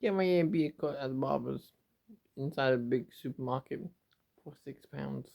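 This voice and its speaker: A man's voice: mid-range voice, gravelly. A man from England talking to his camera in a rambling, emotional home vlog, often repeating and restarting himself. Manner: emotional, repetitive, halting. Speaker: YouTuber. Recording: dull lo-fi home recording.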